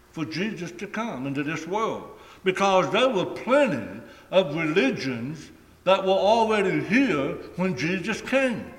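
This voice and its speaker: A man preaching a sermon in a deliberate, emphatic way, stretching key phrases and letting them fall away at the ends. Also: sits high. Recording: echoey hall with long reverb.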